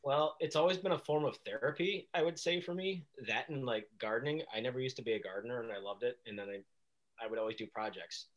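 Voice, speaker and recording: A man chatting as a guest on a casual podcast, telling stories in an animated way with frequent laughs. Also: mid-range voice, fast, poor audio. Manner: animated storyteller who laughs often and slips into voices.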